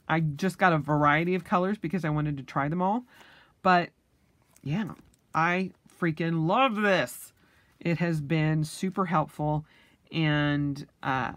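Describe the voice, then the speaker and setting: Young adult woman vlogger with a low voice, a chatty, halting delivery, and hiccups. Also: no room sound. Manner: chatty, many ums and restarts. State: has the hiccups. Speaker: planner vlogger. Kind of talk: casual flip-through chat.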